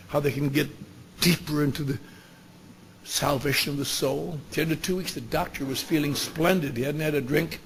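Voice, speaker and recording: Gravelly man telling a blunt story. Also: medium pitch, slight background noise. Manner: blunt, wry storyteller with salty language. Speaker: speaker at a recovery meeting. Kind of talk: storytelling talk.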